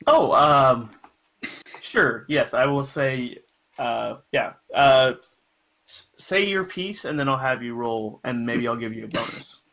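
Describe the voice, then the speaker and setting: A man's voice: mid-range voice, takes it slowly, creaky, a bit bright. A young man running a tabletop game as game master, casual and joking with many fillers.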